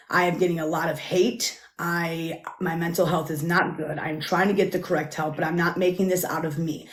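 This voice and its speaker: Woman, earnest apology, halting delivery, lowish voice, roomy sound. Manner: halting, repeats herself, calm and earnest. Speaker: livestream guest. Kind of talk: public apology on a livestream.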